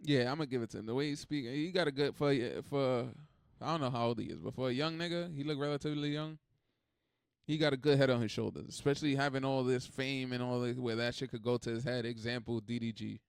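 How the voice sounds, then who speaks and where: A man hosting a reaction video, talking in a rambling, animated, swearing way. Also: mid-range voice, fast talker, creaky, smooth, no echo, clean studio sound. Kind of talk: casual reaction commentary.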